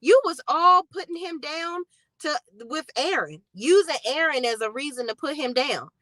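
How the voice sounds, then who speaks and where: A woman's voice: high voice, expressive, moderate pace, a bit bright, no echo. A woman giving casual show recap commentary, blunt, sassy and profane. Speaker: TV recap vlogger.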